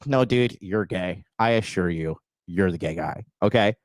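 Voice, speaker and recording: Brief: young adult man podcast host, profane mocking rant, very lively pitch, dry close sound. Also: moderate pace, no echo. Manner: crude, profane and mocking, with lots of filler; mocks critics in a high whiny put-on voice.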